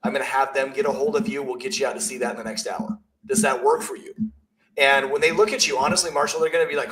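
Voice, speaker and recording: A man's voice: medium pitch, fairly even intonation, quick pace, a bit bright, poor audio. A man, a realtor and coach, talking bluntly and emphatically in a casual business podcast chat, telling stories.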